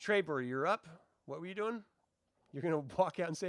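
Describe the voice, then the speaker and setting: A man's voice: fairly high pitch, expressive, brisk, no room sound. A man running a tabletop game as game master, explaining rules and narrating the action.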